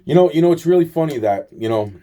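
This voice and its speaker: A man's voice: a little high, animated, fast talker, warm tone. A man telling a rambling, aggrieved personal story in a monologue, swearing often and repeating himself. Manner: profane, repetitive, aggrieved storytelling.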